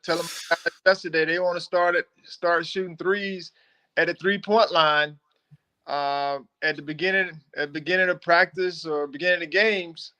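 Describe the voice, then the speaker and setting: A man who coaches basketball, chatting easily about sports picks with frequent pauses. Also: a little high, fairly even intonation, bright, forceful tone. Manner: easygoing, hesitant. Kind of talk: casual sports chat.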